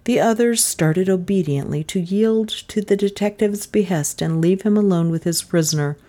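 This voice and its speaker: A woman reading a mystery novel aloud as the narrator, steady and even. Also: mid-range voice, normal speed. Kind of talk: audiobook narration.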